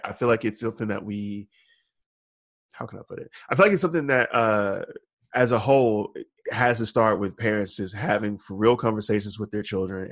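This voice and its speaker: Casting: man, lowish voice, loose podcast co-host who laughs a lot and restarts thoughts. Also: a bit bright, no echo. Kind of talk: casual chat.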